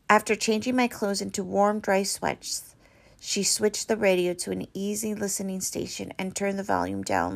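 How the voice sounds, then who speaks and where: Woman, reading a novel aloud, expressive, gravelly fry, mid-range voice. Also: mid-range voice. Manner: expressive, with small slips and restarts. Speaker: reader.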